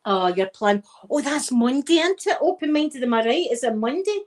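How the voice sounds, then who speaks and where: Casting note: middle-aged Scottish woman, soft chatty ASMR host, meandering storyteller. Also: high-pitched, lively intonation, normal speed. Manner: chatty and rambling, with frequent wee and laughter. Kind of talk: soft-spoken casual chat.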